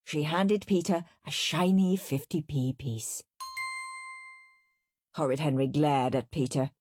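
A woman reading a children's storybook aloud, narrating with expressive, animated delivery. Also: sits low, slow, faint music behind.

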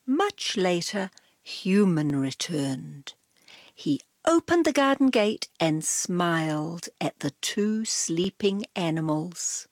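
A woman reading a children's storybook aloud in a soft, gentle voice that dips into whispers. Her pitch rolls expressively while the pace stays unhurried. The recording is close and dry. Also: expressive, no room sound. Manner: soft, drops to whispers on tags.

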